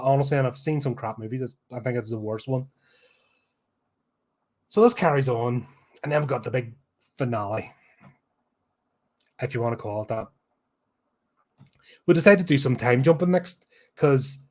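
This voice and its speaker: A Belfast man in full rant mode, tearing into a film with blunt sarcasm and plenty of swearing. His pitch sits mid-range for a man and his talk is casual and unscripted. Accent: Northern Irish, Belfast. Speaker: podcast host, film reviewer.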